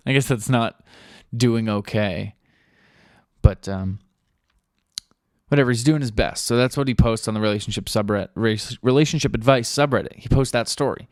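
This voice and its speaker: A man's voice: mid-range voice, normal speed, no echo, clean studio sound. A young man hosting a podcast, telling a story in casual, rambling talk full of fillers and swearing. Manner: loose, rambling, lots of fillers and profanity; acts out quoted people in a flat offhand voice. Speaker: podcast host.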